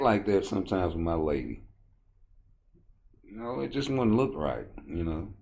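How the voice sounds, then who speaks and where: A man rants about boxing in a rambling, blunt, profane style. His voice is very low and heavy. He talks casually, as if speaking straight to his viewers. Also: big pitch swings, a little slow, creaky, a little mellow. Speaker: boxing commentator. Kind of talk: casual commentary rant.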